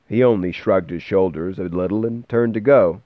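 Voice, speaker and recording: A man narrating a story aloud in a steady storybook reading style, recorded with a dull, dry sound. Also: low voice, moderate pace, dry recording. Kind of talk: scripted narration.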